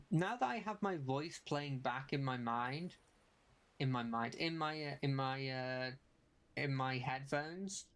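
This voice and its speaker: A young adult streamer narrates live gameplay in a mid-pitched voice, muttering to themselves and rattling off the same spell call again and again. Nearly every sentence tilts upward at the end as if it were a question. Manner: talks to self, repeats spell calls rapidly. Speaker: game streamer.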